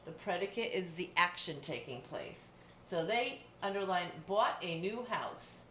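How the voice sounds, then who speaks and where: A woman's voice: lowish voice, animated, a little slow, sharp tone. A middle-aged woman teacher giving a distance-learning lesson, patiently explaining step by step with examples. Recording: echoey room, faint background hum.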